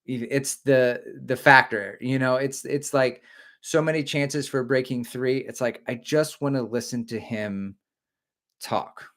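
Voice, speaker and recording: A middle-aged man chats on a live stream at an ordinary pitch. He jokes and rambles, drifting from one aside to the next between viewer comments. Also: a little slow, a bit bright. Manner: joking, rambling, reads viewer comments aloud. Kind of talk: casual live-stream chat.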